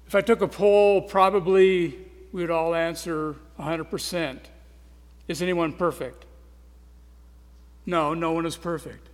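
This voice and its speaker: Preaching a sermon with earnest intensity, a high-voiced man swings between loud emphasis and quiet, soft asides. His pace is measured, with long pauses, and the long reverb of a large hall rings around him.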